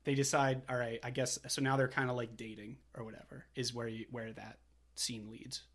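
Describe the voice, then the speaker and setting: A man's voice: medium pitch, flat delivery, moderate pace, a bit bright. A young man co-hosting a film podcast, chatting casually and retelling scenes with quoted lines and laughs. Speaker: podcast co-host. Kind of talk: casual chat.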